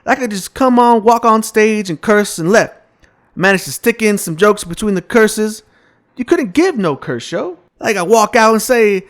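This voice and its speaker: Loud, profane stand-up comedian. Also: male voice, high-pitched, expressive, normal speed. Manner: loud, profane, indignant storytelling. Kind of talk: live stand-up routine.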